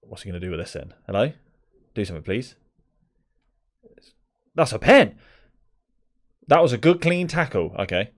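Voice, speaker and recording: Exasperated man commentating gameplay. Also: deep voice. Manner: exasperated, chatty, talks to the players on screen. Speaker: gaming video creator.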